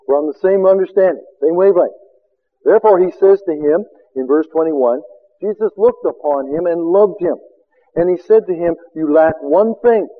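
A man with a high voice preaches a sermon, throwing out rhetorical questions and swinging between loud bursts and hushed asides. The sound is thin and tinny, like narrow-band broadcast audio. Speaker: preacher and seminar teacher.

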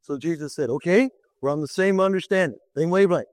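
A man's voice: quick pace, dry recording, poor audio. A man preaching a sermon, telling a Bible story with dramatic swings in his voice and asking the listeners rhetorical questions. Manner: dramatic, swings pitch to act out quoted voices.

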